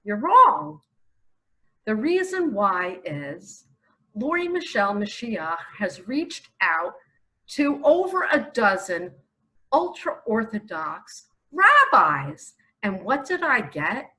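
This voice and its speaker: A middle-aged woman from New York giving an impassioned religious monologue, emphatic and full of rhetorical questions, with sudden loud bursts. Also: a little high, very animated, slow, poor audio. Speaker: self-proclaimed messiah preacher.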